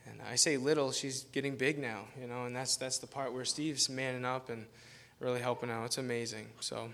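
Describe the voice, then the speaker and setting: A man's voice: medium pitch, flat delivery, brisk, fairly bright tone. A man preaching as a guest pastor, telling a rambling, self-deprecating story in a casual manner and laughing often. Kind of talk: informal sermon with storytelling.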